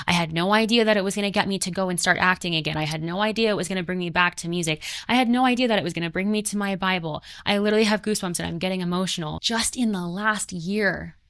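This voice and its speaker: A woman's voice: fairly low pitch, a bit bright, no echo. Earnest woman in her twenties, dry sound. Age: 20s. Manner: emphatic and repetitive, earnest, conversational. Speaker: spiritual motivational speaker. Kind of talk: spiritual motivational talk.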